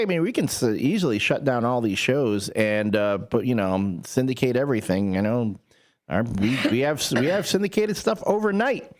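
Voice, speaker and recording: A man hosting a local morning radio show, chatting casually and joking with his co-host. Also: medium pitch. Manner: animated, jokey, breaks into silly voices. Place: radio studio.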